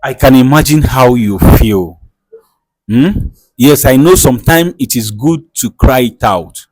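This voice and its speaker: A man hosts a comedy skit in a studio, calmly soothing a guest and repeating gentle phrases. His voice is mid-pitched and unhurried. The sound is close and dry. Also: dry recording, poor audio. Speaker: host.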